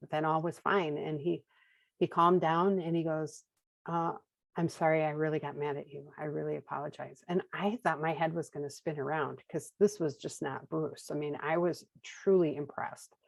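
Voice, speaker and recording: A woman in her fifties from Minnesota tells her own recovery story in a candid, wry way, acting out the dialogue she recalls. Her voice sits low with a gravelly edge, and the sound is dry and close. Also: darkish tone, no room sound, dull audio. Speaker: guest sharing recovery story. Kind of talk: casual personal storytelling.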